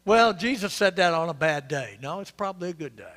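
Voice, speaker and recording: A man's voice: sits high, lively intonation, a little fast, hardly any pauses, fairly bright tone, big-room sound. A male pastor, preaching an interactive, joking sermon and questioning his congregation. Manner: conversational, quizzing the congregation, joking asides. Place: church sanctuary.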